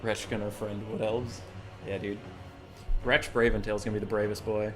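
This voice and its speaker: A man casting a game tournament on a live stream, chatty and excitable, swearing casually and chuckling often. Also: on the low side, moderate pace, over music.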